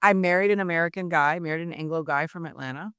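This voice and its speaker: A woman's voice: fairly low pitch, fast talker, clear, resonant tone, no room sound. Chatty Miami-raised woman, dry sound. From Miami, Florida. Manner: chatty, animated storytelling with frequent asides. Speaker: guest writer. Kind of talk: conversational interview.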